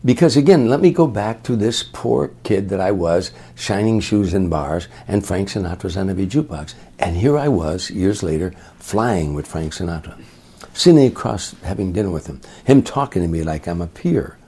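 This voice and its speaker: Husky, mellow older man. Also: low-pitched, normal speed. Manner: lively storyteller who acts out other people's voices. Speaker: comedian guest. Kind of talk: anecdotal storytelling.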